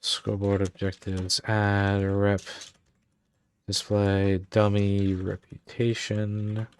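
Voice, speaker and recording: A man's voice: on the low side, monotone, takes it slowly, darkish tone, smooth, no echo. A man casually talking through his game-building work on a livestream, muttering commands as he types. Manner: mutters commands aloud while typing. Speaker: streamer and game developer.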